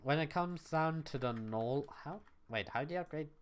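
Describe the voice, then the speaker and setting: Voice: medium pitch, normal speed, slight background noise. A young adult livestreamer at home, chatting casually with viewers and thinking aloud while playing. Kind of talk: casual gaming stream chat. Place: at home, neighbors next door.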